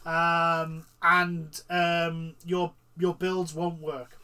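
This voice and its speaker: Male co-host in casual chat, high and bright voice, emphatic delivery. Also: monotone, extremely slow, smooth. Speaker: podcast co-host.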